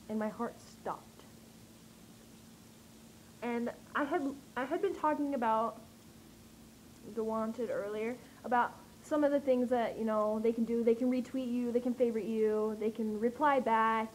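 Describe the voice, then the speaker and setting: A young woman telling an excited vlog story, gushing and breathless, with lots of fillers. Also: on the high side, moderate pace, slight background noise, rough recording. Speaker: vlogger.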